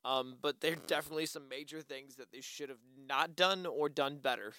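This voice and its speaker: A man's voice: medium pitch, brisk, sharp tone, smooth, no room sound. A man chatting casually about a movie, blunt and swearing when something annoys him. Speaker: movie reviewer. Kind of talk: casual chat.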